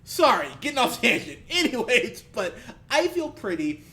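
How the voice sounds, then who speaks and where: A man's voice: very high-pitched, big pitch swings, moderate pace, pushed and bright. A man co-hosting a movie podcast, ranting heatedly and profanely about bad films with bursts of laughter. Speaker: podcast co-host. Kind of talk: ranty movie review chat.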